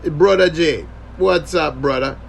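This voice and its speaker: A man's voice: on the high side, slow, vocal fry, slight background noise. A man doing his buddy pushing curry goat. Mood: offering. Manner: friendly, repeating offers. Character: laid-back man offering curry goat.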